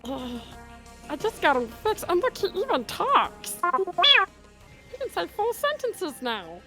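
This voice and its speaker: Woman voicing a timid female mechanic, stammering, hesitant, high lively voice, clear background music. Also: slow pace, full character voice.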